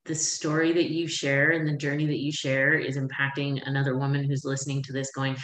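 A woman's voice: a bass voice, normal speed, a bit bright. A woman hosting a podcast, asking reflective questions and reassuring her guest. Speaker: podcast host. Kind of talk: interview podcast. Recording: echoey room.

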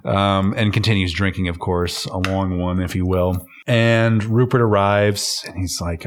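A man's voice: sits low, steady tone, measured pace, hardly any pauses. A man co-hosting a casual film podcast, recapping the plot with jokes, swearing and frequent laughter. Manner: joking, profane, laughs often while recapping. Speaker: podcast co-host.

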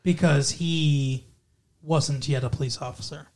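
A man's voice: on the high side, fairly even intonation, unhurried, darkish tone. Southern man, co-host, chatty and opinionated, swears freely. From American South. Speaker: podcast co-host. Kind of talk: casual movie discussion.

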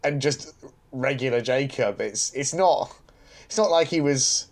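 A man's voice: medium pitch, a little slow. A man co-hosting a podcast in casual chat, talking with frequent stumbling restarts and light chuckles. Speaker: podcast co-host.

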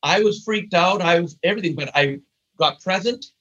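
An older man, a guest trainer, telling stories in an emphatic, blunt, energetic way during an interview. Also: sits high, normal speed, muffled recording. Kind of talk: animated storytelling interview.

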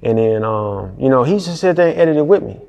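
A man's voice: mid-range voice, animated, fairly quick, vocal fry, a little mellow, big-room sound, lo-fi sound. A man from Detroit, a music video director telling stories in a casual interview, laid-back and slangy. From Detroit, USA. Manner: laid-back, slangy, lots of fillers and laughs.

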